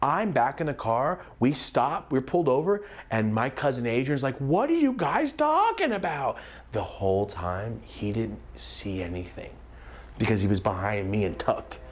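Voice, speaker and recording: A young man telling a comedic story time, animated and acting out the voices of the people in it. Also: mid-range voice, normal speed. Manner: animated, acts out quoted voices.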